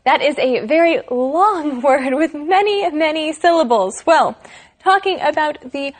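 This woman co-hosts an English lesson show. Her voice is high and her pace is slow. She lays out each idea clearly and deliberately for learners. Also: lively intonation. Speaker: co-host of an English lesson program. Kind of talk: scripted educational chat.

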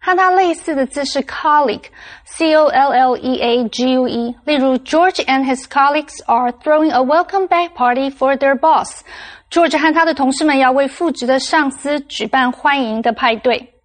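High-voiced female vocabulary teacher. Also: normal speed. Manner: clear, instructive, steady explanations. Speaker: language teacher explaining English vocabulary. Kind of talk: scripted vocabulary lesson.

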